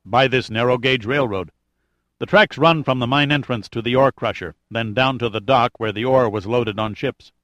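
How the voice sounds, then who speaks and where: Dude doing a no-nonsense guide guy in an audiobook, flat facts, blunt, dry mic. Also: mid-range voice, moderate pace, no room sound, close to an everyday voice. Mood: matter-of-fact. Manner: matter-of-fact, blunt. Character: Findlay, adult man, practical local guide.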